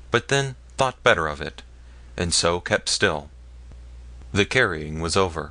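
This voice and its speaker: Low-voiced male audiobook narrator. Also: pushed and bright, no room sound. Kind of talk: scripted narration.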